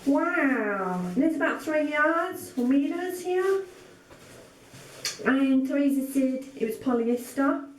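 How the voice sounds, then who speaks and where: A woman's voice: high voice, expressive, takes it slowly, recorded from a distance, a little hiss or hum. A woman sewing vlogger opening gifts on camera, gushing and full of exclamations. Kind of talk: casual vlog, opening gifts. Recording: echoey room, mic set back.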